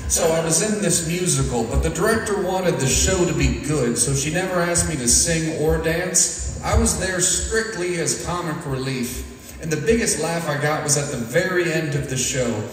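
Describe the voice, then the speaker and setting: A young man doing a self-deprecating stand-up comedy set with a deadpan delivery on stage. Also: on the high side, normal speed, a little hiss or hum. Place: stage in an echoey venue. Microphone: picked up from a distance. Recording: echoey hall from far off.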